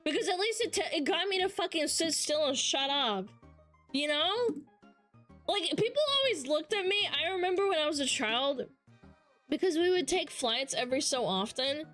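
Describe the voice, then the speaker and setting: A young woman chats on her stream in a high, bright voice, swearing casually as she tells stories. Her telling is lively and animated, and faint music plays softly underneath. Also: moderate pace. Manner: profane, animated storytelling. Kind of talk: casual chat reading chat.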